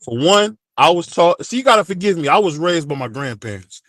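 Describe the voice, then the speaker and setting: A man's voice: a little high, big pitch swings, brisk, fairly bright tone, no room sound, clean studio sound. Emphatic man in heated debate. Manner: emphatic, repeats phrases while holding the floor. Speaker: panel guest. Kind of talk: heated sports talk debate.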